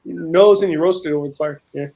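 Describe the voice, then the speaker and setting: Guy on a panel chat rambling thru winter trip stories, higher voice, lots of restarts. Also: a little fast, a little mellow, low-quality recording. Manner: rambling storyteller, many restarts. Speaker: outdoors panelist.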